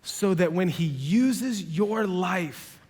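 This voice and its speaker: A pastor with a high, husky voice preaches very slowly and expressively, shifting emphatically between quiet, low passages and loud, raised ones. Sarcastic, joking asides pop up along the way. A long reverb suggests a large church auditorium.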